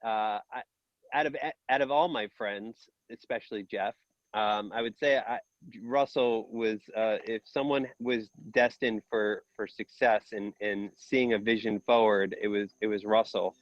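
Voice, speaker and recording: A man reminisces in a rambling, halting way, often stopping to restart. His voice sounds dull and dry in the recording. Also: lowish voice, steady tone, dry recording. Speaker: old friend. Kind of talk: casual reminiscing.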